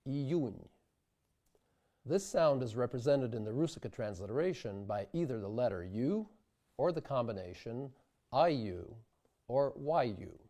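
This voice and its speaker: Slow, mellow-voiced man teaching diction. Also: medium pitch. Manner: careful, deliberate demonstration of vowel sounds. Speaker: diction instructor. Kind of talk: scripted instructional narration.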